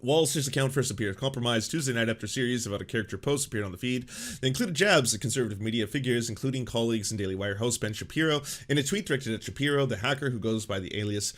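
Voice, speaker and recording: A man hosting a live-stream commentary show, talking in a profane, excitable, ranting way. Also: mid-range voice, quick pace. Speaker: streamer host.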